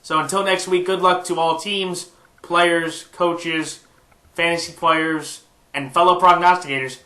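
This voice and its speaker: A man's voice: a little high, steady tone, unhurried, sharp tone, echoey room. A man with a stuffed-up nose giving his weekly football picks in a casual, rambling monologue full of fillers and restarts. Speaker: sports picks YouTuber. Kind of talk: casual sports prediction monologue.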